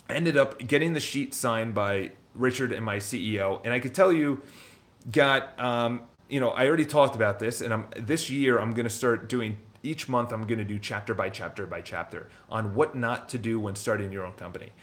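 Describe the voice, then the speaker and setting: A real estate broker and business owner telling his story in casual, rambling talk, blunt and quick to swear. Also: mid-range voice.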